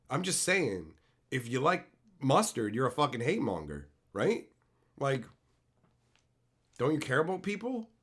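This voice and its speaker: A young man from Canada, a streamer reading his live chat and ranting in loud, profane, mock-outraged bursts. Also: medium pitch. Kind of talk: casual rant to live chat.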